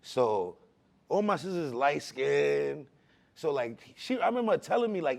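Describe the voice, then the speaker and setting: A man from the Bronx, telling his personal testimony in a casual, animated way with street slang. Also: fairly high pitch, normal speed, gravelly. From the Bronx, New York. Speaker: speaker giving a personal testimony.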